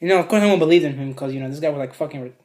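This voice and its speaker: A man's voice: on the high side, rapid-fire, crowd noise. Male vlogger, loose and profane storytime delivery, lots of filler. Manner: rambling, profane, full of filler. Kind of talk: casual storytime narration.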